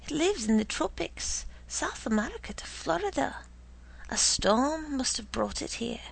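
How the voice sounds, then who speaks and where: A woman voicing a kindly, thoughtful father in a storybook reading, speaking in a measured way. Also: sits high, sing-song, vocal fry, voice pushed up, heavily acted, low-quality recording. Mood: explaining.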